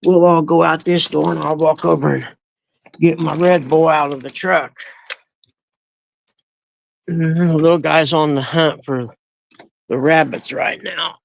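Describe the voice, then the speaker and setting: A vlogger with a fairly high, creaky voice and fairly even intonation chats casually to his dogs on a live stream, taking his time and pausing often. It's sunrise, and he rambles in a folksy way with country grammar from his backyard and doorway.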